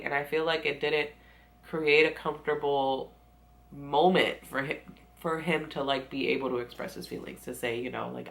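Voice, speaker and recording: A young woman recapping a TV show in casual chat, giggling often and acting out the characters' lines in quick voices. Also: lowish voice, a bit bright. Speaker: TV recap vlogger.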